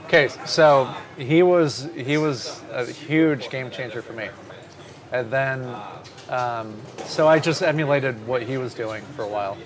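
Animated male drummer telling stories. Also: medium pitch, a little slow, crowd noise. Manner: animated storyteller, swears casually. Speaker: drummer guest. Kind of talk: casual storytelling interview.

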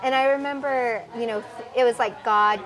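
A woman guest on a podcast, telling travel stories in an animated, rambling way, often laughing and acting out the voices of people she quotes. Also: a little high, moderate pace. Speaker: podcast guest, foundation founder. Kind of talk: casual storytelling interview.

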